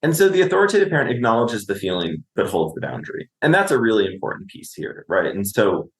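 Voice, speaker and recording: A man's voice: fairly low pitch, sing-song, quick pace, reverberant. A man, a clinician and podcast guest, explaining parenting in conversation, often asking "right?" and acting out what a parent would say.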